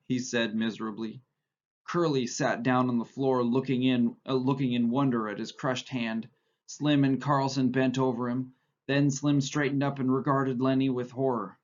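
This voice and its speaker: A man's voice: mid-range voice, steady tone, normal speed, dull audio. A male teacher reading a novel aloud in a plain manner, often stopping to correct himself.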